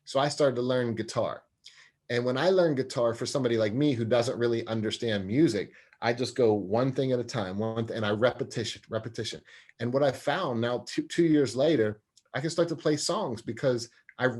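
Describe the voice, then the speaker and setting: A man's voice: mid-range voice, darkish tone, slightly rough. A man speaking as an interview guest, an anger management specialist and sports psychologist, talking earnestly and acting out quoted voices. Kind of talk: interview conversation.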